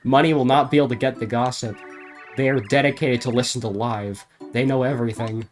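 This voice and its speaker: A man on a live stream reading garbled game dialogue aloud in a deadpan comic voice, often breaking into laughter. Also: medium pitch, a little fast, soft background music.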